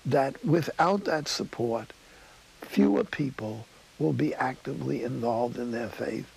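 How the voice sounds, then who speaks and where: A man preaching a sermon in a studio, telling stories slowly and dropping to a whisper for emphasis. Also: mid-range voice, vocal fry, darkish tone, breathy edge, poor audio. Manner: storytelling, slow, drops to a whisper for emphasis.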